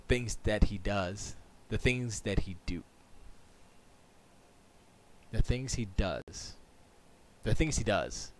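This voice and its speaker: Broadcasting live from his home studio, a man hosting a stream and show talks casually with a bright, forceful, medium-pitched voice. He wanders off topic, cuts himself off, and laughs frequently.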